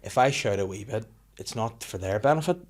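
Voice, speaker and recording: A man's voice: lowish voice, animated, brisk. A man in his thirties, chatting on a podcast, swearing freely and acting out the people in his stories. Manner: swears a lot, acts out quoted people. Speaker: podcast host. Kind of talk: casual podcast chat.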